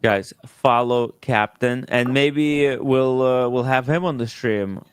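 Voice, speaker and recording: Guy hosting a stream, smooth voice, dry close mic, lots of uh's. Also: medium pitch, slow pace, no room sound. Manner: fillers and repeated words, reads super chats aloud. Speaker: host of a watch livestream. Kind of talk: casual livestream chat.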